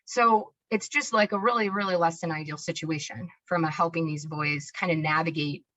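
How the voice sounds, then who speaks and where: A woman with a low, a bit bright voice gives an informal presentation about child behavior at a moderate pace with fairly even intonation. She talks conversationally, often checking in with "right?" and "you know." The lo-fi recording sounds dull and carries a little hiss or hum.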